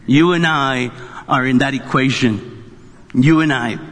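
A man's voice: medium pitch, unhurried, a bit bright. A man pastor preaching a sermon to a congregation, joking and conversational as he goes. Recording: long reverb of a large hall.

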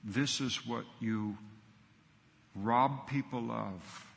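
A man's voice: medium pitch, drawn-out words, gravelly, in a large hall. A middle-aged man, a pastor, preaching a sermon earnestly and emphatically in short punchy phrases.

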